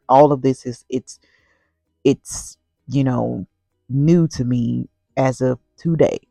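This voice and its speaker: A woman's voice: very deep voice, vocal fry, dark tone, no echo. A woman telling a personal faith story to the camera, rambling and earnest, with constant "you know" fillers. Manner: earnest and heartfelt. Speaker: vlogger sharing a personal story. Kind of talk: casual faith testimony.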